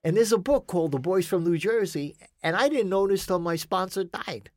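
A man's voice: sits high, moderate pace. A man sharing his story as a guest in an interview. His telling is emphatic and rambling, laced with swearing. The recording is dry and close, with no echo. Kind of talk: storytelling in a conversation.

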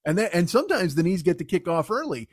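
A man with a fairly high voice riffs through a comedic podcast monologue. He rambles, swears freely and stays animated. The sound is close and dry, with no room in it. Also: quick pace, husky, dry recording. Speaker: podcast host.

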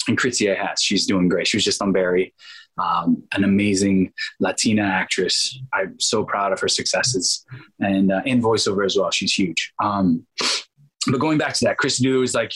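A man in his thirties, an actor as interview guest, telling stories in a lively, casual way, laughing often and acting out quotes. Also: fairly low pitch, breathy edge, low-quality recording.

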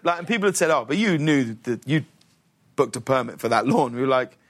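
A man's voice: medium pitch, brisk. A man, a talk show guest telling a story with lots of restarts in a television studio. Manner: lively anecdotal telling with restarts and acted-out quotes. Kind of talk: animated storytelling in a studio interview.

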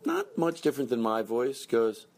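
A man hosting a comedy podcast, rambling and self-pitying, swinging into shouted rants. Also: on the low side, sing-song, moderate pace. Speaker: podcast host.

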